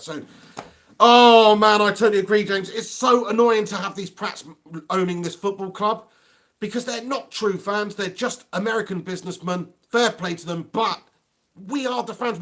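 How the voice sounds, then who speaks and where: A man's voice: fairly high pitch, a bit bright. A man hosting a live fan stream, talking passionately in a rambling way and often restarting his sentences. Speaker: fan channel host.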